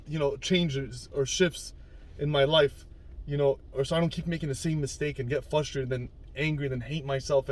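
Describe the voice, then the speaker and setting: A man's voice: on the high side, darkish tone. A young man talking casually in a self-help vlog, rambling with many fillers and asides. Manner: rambling, conversational, frequent "right?" and "like" fillers. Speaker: vlogger.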